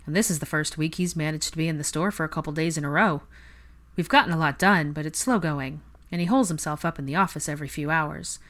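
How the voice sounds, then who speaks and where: Rich: An easygoing young man, blunt and chatty, voiced by a woman reading a fan fiction audiobook. He talks in a casual, low-pitched, everyday way. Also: fast talker, a bit bright.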